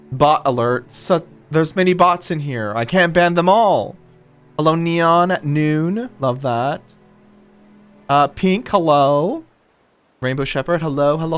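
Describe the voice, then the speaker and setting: A man's voice: fairly high pitch, smooth. Guy streaming a game, chatty and casual, saying hi to everyone, bit of music underneath. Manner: chatty, greets viewers by name. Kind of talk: casual live-stream chat.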